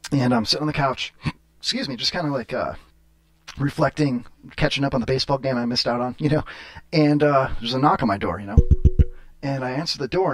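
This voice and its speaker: A man's voice: mid-range voice, a bit bright. A man hosting a podcast, telling a story in casual chat, rambling with many fillers and laughs. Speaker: podcast host.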